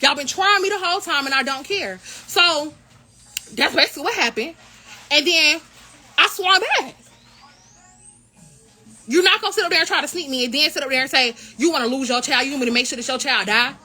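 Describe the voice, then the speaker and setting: A young woman, a member of a college royal court, telling an indignant, animated story in a casual vlog. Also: high-pitched, a little fast. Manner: animated, indignant retelling with quoted dialogue.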